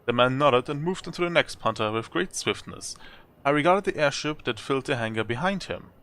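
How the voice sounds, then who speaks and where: A man reads a text adventure game aloud for his channel, breaking off for chatty asides and small chuckles. His voice is bright and forward, at an ordinary pitch. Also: lively intonation, brisk. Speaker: let's play host.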